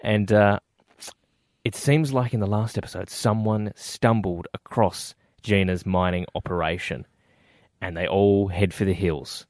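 A man hosting a radio comedy show, chatty and jokey with his co-host. His voice sits a little low and is heard close and dry. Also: fairly even intonation, unhurried, a little mellow, no room sound.

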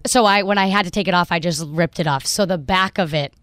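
A woman's voice: on the low side, fast talker, fairly bright tone, no echo. A young woman co-hosting a radio show, telling a story in casual banter. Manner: chatty, storytelling. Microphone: studio mic.

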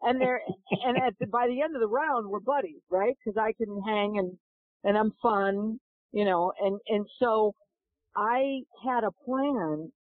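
A woman's voice: a little high, unhurried, no echo. A middle-aged woman tells her story with energy and plays out each voice in the exchange. Her voice comes through a thin, phone-like line. The sound is close and dry. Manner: animated, acts out dialogue in her stories. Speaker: golf instructor and guest. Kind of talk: storytelling in a podcast interview.

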